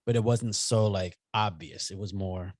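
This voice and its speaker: A man co-hosting a podcast, talking about a movie in a casual chat, playful and animated. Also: fairly low pitch, moderate pace, dry recording, clean studio sound. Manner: animated, playful, acts out silly voices. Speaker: podcast co-host.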